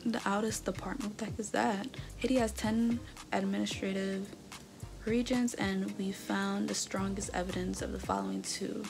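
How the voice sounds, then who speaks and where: A chatty woman in her twenties talks through her results in a casual vlog, reacting as she reads them out. Her voice has a gravelly, fry-tinged edge. Music plays clearly beneath her. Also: mid-range voice, moderate pace. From North America. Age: 20s. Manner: chatty, animated, reading results aloud with reactions. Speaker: vlogger. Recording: background music under the voice.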